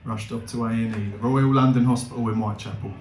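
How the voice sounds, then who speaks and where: Animated young male stand-up comedian. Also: quick pace, roomy sound, slight background noise. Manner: animated, laughing, big swings in pitch.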